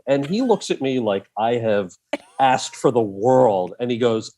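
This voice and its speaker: Lively man telling a story. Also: mid-range voice, normal speed. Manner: animated, acts out quoted voices in his anecdotes. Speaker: guest. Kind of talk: storytelling in a podcast interview.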